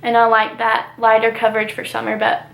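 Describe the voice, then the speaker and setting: A woman's voice: fairly high pitch, fairly quick, gravelly, reverberant. A young woman chatting through her makeup routine as a beauty vlogger, her voice a little stuffy from allergies, with a casual, rambling manner. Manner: chatty, relaxed product chatter with fillers. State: congested from allergies.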